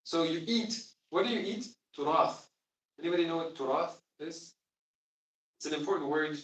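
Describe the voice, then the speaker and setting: In an echoey room, recorded from a distant mic, a man with a fairly high, slightly bright voice leads a Quran class. He speaks at a moderate pace, explaining with emphasis and putting questions to his students.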